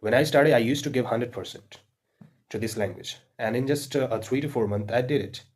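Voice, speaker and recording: An Indian-accented man speaks casually to English learners, earnest and repetitive, circling back to his point with fillers and restarts. His voice sits at an everyday pitch with a husky, slightly breathy edge. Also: brisk. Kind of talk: casual spoken advice to learners.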